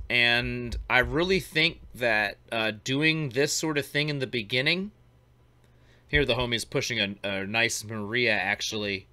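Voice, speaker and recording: Chill slangy guy hosting a glass demo stream, kinda bright tone. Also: medium pitch. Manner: laid-back, slangy, talks over a glassblowing demo. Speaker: host. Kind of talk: casual chat and demo commentary.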